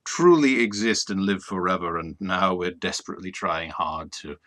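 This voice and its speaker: A man's voice: deep voice, moderate pace, fairly bright tone. A man co-hosting a casual live-streamed talk show, joking around playfully and trailing off into fillers. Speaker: co-host.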